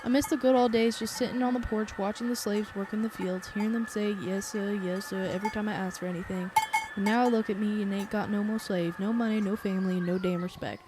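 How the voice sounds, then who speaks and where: A woman's voice: medium pitch, steady tone, quick pace, noisy background, lightly acted. A woman voicing a bitter, cursing old man down on his luck, with a put-on Southern accent and a grumbling, vengeful drawl.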